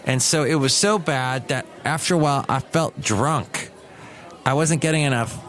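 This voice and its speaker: A man's voice: medium pitch, moderate pace, a bit bright. Rambling podcast host, a man. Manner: rambling, chatty, digressive. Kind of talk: casual solo podcast monologue.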